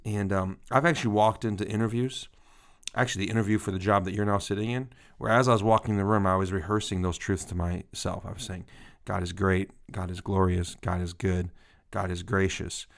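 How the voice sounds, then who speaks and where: A man's voice: low voice, fairly even intonation, brisk, vocal fry. A man in his thirties co-hosting a ministry podcast, telling a story with a lot of laughter at himself. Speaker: podcast co-host. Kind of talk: casual ministry podcast chat.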